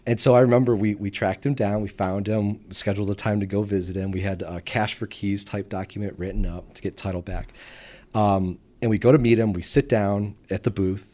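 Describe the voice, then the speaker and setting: A man's voice: fairly low pitch, brisk. A man from the Detroit suburbs of Michigan, around forty, telling business stories as a guest in a casual interview, acting out the people he quotes. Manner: animated storyteller who acts out quoted voices. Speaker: guest entrepreneur.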